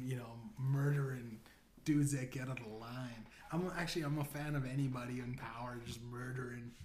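A male podcast host delivers a stand-up style comedy monologue that is profane and meandering, laughing at his own jokes. His medium-pitched voice is a little mellow, recorded in an echoey room with faint noise.

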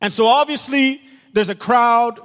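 A man's voice: very high voice, unhurried, fairly bright tone. A man pastor preaching a sermon with passion, repeating key lines for emphasis. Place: church sanctuary. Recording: long hall reverb.

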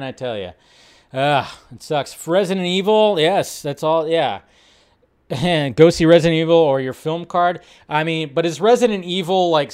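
A man's voice: medium pitch, clear, resonant tone. A middle-aged man casually chatting on his live movie show, rambling with restarts and talking to his chat.

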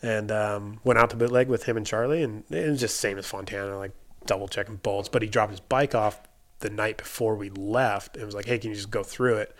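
A man's voice: on the low side, fairly even intonation, brisk, a bit bright. A young adult man, a bike mechanic guest, telling a story in a casual, chatty way, full of "like" and acted-out quotes. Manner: chatty, lots of "like" fillers, acts out quoted dialogue.

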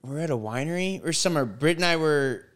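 A man tells a story on a laid-back podcast, and his voice is smooth and sits a bit high. He swears freely and acts out both sides of the quarrel in his own voice. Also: lively intonation, quick pace, fairly bright tone. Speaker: podcast co-host. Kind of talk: casual chat.

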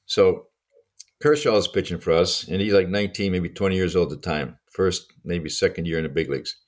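An older man, a podcast co-host and former baseball coach, telling anecdotes in casual conversation with frequent chuckles. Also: low-pitched. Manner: fast, lively anecdotes with chuckles.

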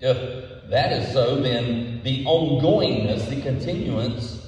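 Slow-speaking pastor in an echoey hall. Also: male voice, mid-range voice, lively intonation, a little mellow, distant mic. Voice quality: measured, emphatic delivery with repeated words. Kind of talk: sermon.

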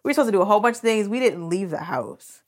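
A woman's voice: mid-range voice, lively intonation, racing. Woman podcast host, casual personal storytelling, candid and emotional. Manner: candid, emotional, many "like" fillers.

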